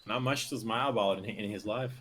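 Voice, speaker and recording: A man's voice: on the low side, fast, fairly bright tone. A man on a voice call with a friend, laid-back and teasing, swearing casually. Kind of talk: casual banter.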